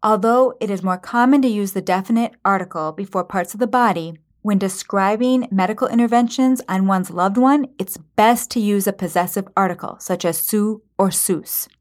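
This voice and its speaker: Woman teacher with a Minnesota accent. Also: medium pitch. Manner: clear, careful, slow explanations. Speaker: language teacher. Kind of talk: explaining vocabulary.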